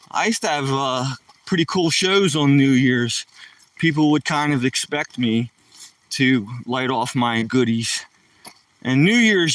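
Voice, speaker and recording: A man's voice: mid-range voice, a bit bright, no echo, far from the mic. A man from the Philadelphia area telling rambling stories from his past in loose, casual chat, often tossing in "man" and "you know".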